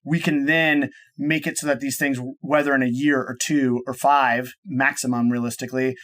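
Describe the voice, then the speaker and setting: A startup cofounder appears as a guest on an interview podcast, speaking in a medium-pitched, fairly bright voice. He explains things casually and enthusiastically, rambling, often restarting sentences and tying ideas together with "and so."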